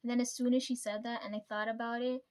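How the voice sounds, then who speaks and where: A woman's voice: fairly high pitch, level tone, quick pace, darkish tone, clear, resonant tone. A young woman vlogging casually to her viewers, venting about family with lots of swearing and "right?" tags. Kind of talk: casual personal vlog.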